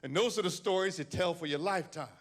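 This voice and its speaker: A man's voice: high voice, quick pace. A man performing a stand-up comedy set aboard a cruise ship, telling stories with acted-out voices. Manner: animated storytelling with acted-out voices. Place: cruise ship theater with live audience.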